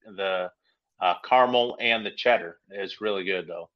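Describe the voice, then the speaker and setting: A man co-hosting a casual talk show, chatty and lively as he tells short stories. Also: low voice, normal speed, dull audio. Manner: lively, chatty, storytelling asides. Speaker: podcast co-host. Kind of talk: casual chat.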